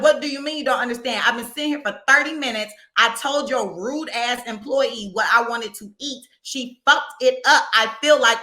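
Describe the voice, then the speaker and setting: A woman co-hosting a podcast, telling a story in casual chat, animated and profane, acting out the people she quotes. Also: on the high side. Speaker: podcast co-host. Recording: echoey room.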